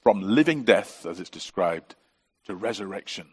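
Middle-aged pastor, low-ish voice, earnest preaching, lots of rhetorical questions. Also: male voice, expressive, moderate pace, husky. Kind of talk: sermon.

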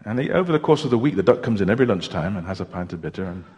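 A man preaching a sermon in a church, telling stories in a chatty, unhurried way with small hesitations. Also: lowish voice, animated, darkish tone, husky, lo-fi sound. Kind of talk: sermon with a joke. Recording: long reverb of a church hall.

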